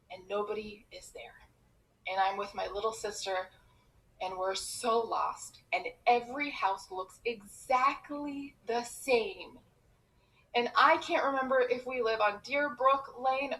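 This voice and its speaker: Animated, bright-voiced woman telling her story. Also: on the high side, poor audio. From Iran. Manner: expressive, quick and animated, with comic timing. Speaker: comedian. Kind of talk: personal storytelling.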